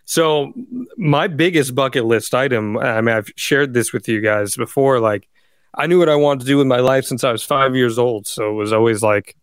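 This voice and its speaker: A man's calm, smooth, resonant voice on a podcast, asking short questions in an easy chat. The recording is close and dry. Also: medium pitch, moderate pace, no echo. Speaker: podcast co-host. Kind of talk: casual chat.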